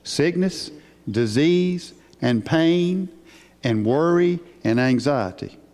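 A man preaching a sermon in an unhurried, emphatic way, asking his listeners questions. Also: fairly high pitch, animated, a little mellow. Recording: hall with long reverb.

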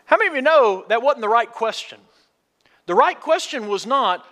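A man delivers a folksy sermon in a high, bright voice whose pitch swings widely, with lively intonation at normal speed. He keeps posing questions to the congregation, and a long hall reverb makes his voice ring out.

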